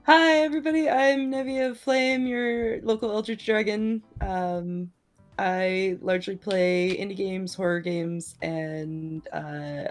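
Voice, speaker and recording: A woman who streams, introducing herself in a soft-spoken way that trails off between pauses. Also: medium pitch. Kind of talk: casual group chat.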